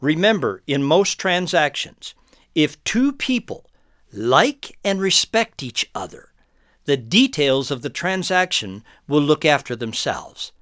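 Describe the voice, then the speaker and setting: A man's voice: a little high, big pitch swings, takes it slowly, a bit bright. An older man giving a sales training talk, chuckling often and acting out little scenes with quoted people.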